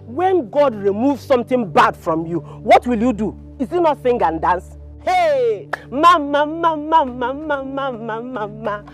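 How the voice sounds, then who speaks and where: A boisterous Nigerian mother, played by an actress bursts out in song and shouts. Her voice is high and swings widely. A faint film score plays under her. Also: very animated, moderate pace, faint music behind. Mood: singing. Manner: boisterous, singing and dancing, shouting. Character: loud jubilant Igbo mother, middle-aged. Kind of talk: Nollywood film acting.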